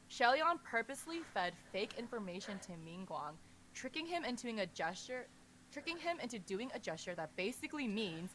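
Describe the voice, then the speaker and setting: A woman's voice: medium pitch, very animated, fairly quick, a bit bright. A woman with a mid-range voice recaps a story for a podcast in a chatty, conversational way. She narrates plainly, with a faint hum of noise behind her. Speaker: podcast co-host.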